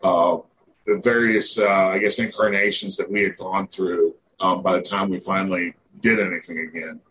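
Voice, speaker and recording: A middle-aged former pro wrestler from Northeast Missouri, USA, speaks at normal speed in a fairly low voice, telling stories as a guest in a relaxed, digressive interview with lots of "you know" and "man". A faint hiss runs underneath the recording.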